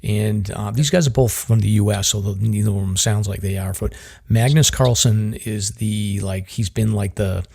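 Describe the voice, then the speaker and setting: Man, Boston accent, podcast host, casual chat, husky, rambling. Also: lowish voice, steady tone, normal speed, hardly any pauses, a little mellow. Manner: rambling, self-interrupting.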